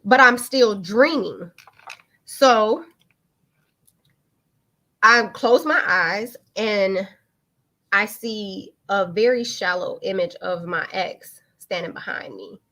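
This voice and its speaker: An open, candid woman in her thirties tells a personal story in casual speech. She hosts a live online talk and jumps into lively voices when she quotes people. Her pitch sits in an ordinary middle range. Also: takes it slowly, pauses often.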